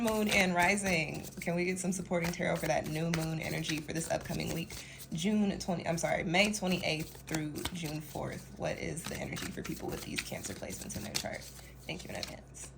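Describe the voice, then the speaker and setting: This tarot reader is a young woman from Denver, Colorado, rambling through a casual reading and laughing frequently. Her voice sits low and creaky, with a little hiss or hum on the recording.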